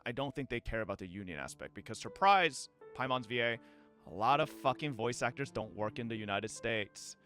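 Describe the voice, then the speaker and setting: A man streaming live, commenting on clips and talking to his chat in a profane, animated way with frequent laughs. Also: medium pitch, clear, resonant tone.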